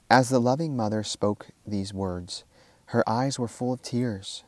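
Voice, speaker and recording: A man's voice: medium pitch, a little slow, darkish tone, dry recording. Man reading an old storybook aloud.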